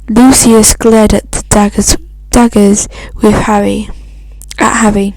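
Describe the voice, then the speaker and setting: A woman's voice: medium pitch, little pitch movement, a little mellow, no room sound, low-quality recording. A woman reading a fan story aloud, stumbling and restarting often. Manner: halting reading with frequent restarts. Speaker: fan fiction reader.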